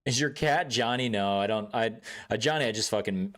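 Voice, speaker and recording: Lowish-voiced young man, rambling and profane. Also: a little fast, fairly bright tone. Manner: rambling, profane, laughs often, acts out outbursts. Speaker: streamer. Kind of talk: casual chat while gaming.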